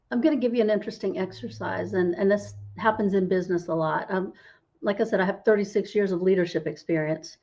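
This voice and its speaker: A woman's voice: mid-range voice, mellow, highs cut off. A middle-aged woman, a holistic healer, explaining as a podcast interview guest and often asking "right?" to check in. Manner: explanatory, tags lines with "right?".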